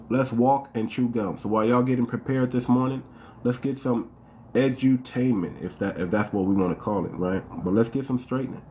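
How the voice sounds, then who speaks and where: A man's voice: lowish voice, a little mellow, a little hiss or hum. A man from the United States hosting a casual livestream, talking straight to his viewers, repeating phrases and firing off one rhetorical question after another. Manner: calls out to viewers by name. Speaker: livestream host.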